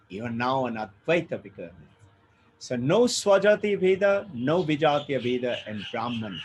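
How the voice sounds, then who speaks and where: A man's voice: a little high, a little hiss or hum, poor audio. A man giving a spiritual lecture, explaining ideas through stories and rhetorical questions. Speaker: spiritual teacher.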